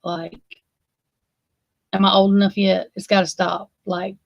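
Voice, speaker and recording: A woman's voice: mid-range voice, level tone, a little slow, gravelly, no echo, muffled recording. A woman, chatting casually with her livestream viewers in a rambling, profane and emphatic way. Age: 40s. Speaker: livestream host.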